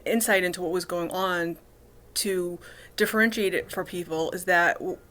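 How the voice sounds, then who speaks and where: A woman in her thirties talking casually to the camera in a personal vlog, halting often with ums, restarts and cut-off words. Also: lowish voice, a bit bright. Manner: halting, full of restarts and ums, cluttered speech. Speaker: vlogger.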